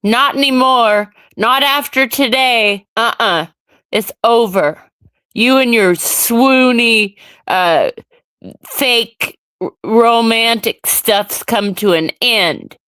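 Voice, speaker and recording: Woman streamer, slow and dry, ranting at chat. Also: a little high, bright, forceful tone, clean tone, no room sound. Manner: ranting, irritated, reacting to chat. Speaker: livestream host. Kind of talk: casual solo livestream chat.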